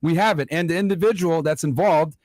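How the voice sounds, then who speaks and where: A man's voice: fairly high pitch, a little fast, heavy background noise. A man hosting an online commentary show, talking emphatically and straight to his viewers. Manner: emphatic, addresses viewers directly.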